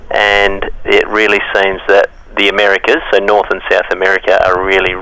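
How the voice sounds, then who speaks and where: A man's voice: low-pitched, monotone, moderate pace, sharp tone, smooth. A man with an Australian accent chatting upbeat on a podcast about weed management, heard over a phone line. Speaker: weed management expert guest. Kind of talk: casual podcast chat.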